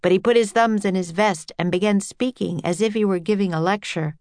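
A woman narrating a children's adventure story with a clear, steady reading. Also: mid-range voice, brisk, hardly any pauses, dry recording.

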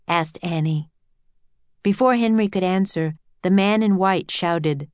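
A woman narrating a children's adventure story with a clear, steady reading. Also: on the low side, unhurried, no echo.

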